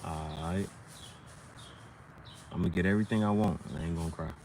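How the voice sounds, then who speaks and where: Man, low register, casual slangy freestyle rambler, slight background noise. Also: steady tone, moderate pace, a little mellow. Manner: loose, slangy, playful rhymes. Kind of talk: casual rhyming monologue.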